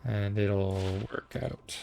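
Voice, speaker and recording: A man's voice: lowish voice, steady tone, slow pace, gravelly, dark tone, faint music behind. A man streaming a game, chatting with viewers in a laid-back, casual way while he plays. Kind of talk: casual gameplay commentary.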